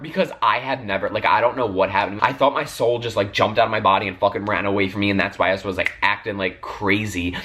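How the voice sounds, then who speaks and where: A man's voice: mid-range voice, a little fast. Young man ranting through a storytime vlog. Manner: animated, swearing constantly, lots of filler "like" and "literally". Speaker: vlogger.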